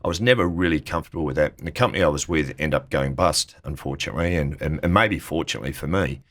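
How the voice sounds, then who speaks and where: A man's voice: rumbling low, quick pace, a bit bright. A man in his fifties with an Australian accent, a business owner telling casual stories from his career as an interview guest, acting out the people he quotes. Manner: anecdotal, acts out quoted people with lifted voice.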